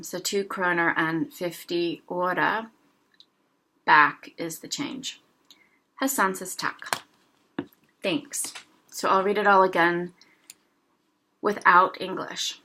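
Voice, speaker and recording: A woman teaching a language lesson, reading short dialogues aloud slowly and explaining each phrase, with a sore throat she keeps clearing. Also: fairly low pitch, sharp tone.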